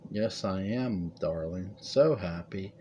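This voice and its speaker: A man's voice: sits low, slow pace, mellow, a little hiss or hum. A man voicing a frightened old matriarch. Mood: tender. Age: 80s. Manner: pleading, urgent. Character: frightened elderly woman, family matriarch.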